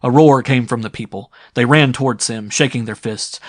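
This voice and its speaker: A man narrating a science fiction audiobook in a steady, dramatic reading. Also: medium pitch, normal speed, no room sound, clean studio sound. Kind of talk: scripted narration.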